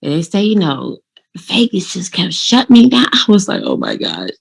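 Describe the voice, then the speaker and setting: A woman vlogging casually, giving motivational law of attraction tips and telling her own story in an animated, informal, direct way. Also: medium pitch, normal speed, creaky, husky. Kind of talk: casual motivational vlog talk.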